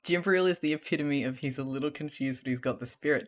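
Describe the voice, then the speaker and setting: A streamer chatting casually and reading fanfiction, gushing and excitable, with frequent swearing. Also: medium pitch, quick pace, few pauses.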